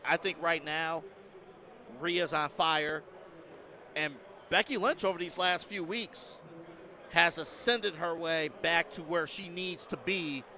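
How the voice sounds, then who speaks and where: A man's voice: on the high side, bright, forceful tone. A man co-hosting a wrestling podcast, leading the segments in casual, emphatic chat. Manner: leads segments, deliberate and emphatic. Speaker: podcast co-host.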